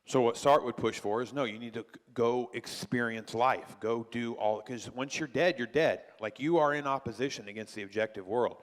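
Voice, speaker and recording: A man's voice: mid-range voice, normal speed, few pauses, in a large hall. A male pastor teaching a church class in a conversational way, full of rhetorical questions. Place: church hall.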